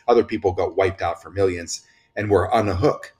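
A man's voice: sits low, fairly quick, darkish tone, a little hiss or hum. A man talking in an impassioned, preachy way, issuing urgent warnings as a commentator. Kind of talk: impassioned political talk.

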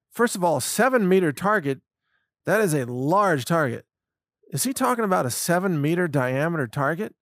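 A man's voice: a little high, gravelly, no echo, studio quality. A man giving a solo commentary monologue, sarcastic and mocking, with scoffing laughs. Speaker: political commentator.

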